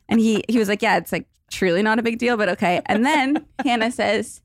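A woman's voice: mid-range voice, animated, quick pace, few pauses, no room sound, clean studio sound. A woman hosting a podcast, chatting casually and self-deprecatingly, with casual swearing. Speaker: podcast host. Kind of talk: casual chat.

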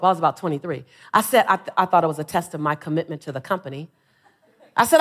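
A woman's voice: mid-range voice, a little fast, long pauses. A woman in her forties giving a live motivational stage speech, telling funny stories and rousing the crowd with call-and-response. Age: 40s. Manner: animated, humorous storytelling, rousing exhortations. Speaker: motivational speaker.

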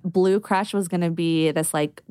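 A woman, a brand founder, telling stories in a casual podcast interview, animated and full of "like". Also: on the low side, clear, resonant tone, dry recording. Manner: animated, quick, lots of "like".

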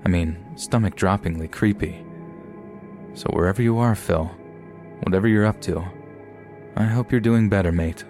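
A man reading scary stories aloud as a scripted narration, in a steady storytelling delivery. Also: sits low, normal speed, pauses often. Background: faint background music.

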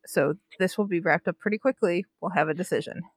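A woman co-hosting a casual sports chat show, talking in an animated, indignant way with frequent restarts. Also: fairly low pitch, brisk, dry recording. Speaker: podcast co-host. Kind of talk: casual chat about Olympic news.

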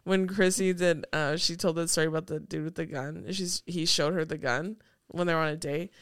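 A woman's voice: low voice, brisk, clean tone, dry recording, clean studio sound. A young woman co-hosting a podcast, chatting casually and acting out movie scenes with plenty of swearing. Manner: animated storytelling, swears freely, acts out movie lines. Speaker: podcast co-host. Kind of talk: casual chat.

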